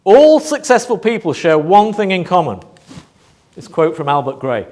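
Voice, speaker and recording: A man giving a motivational talk to a live audience, asking rhetorical questions and pausing for emphasis. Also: high voice, very animated, darkish tone. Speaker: motivational speaker.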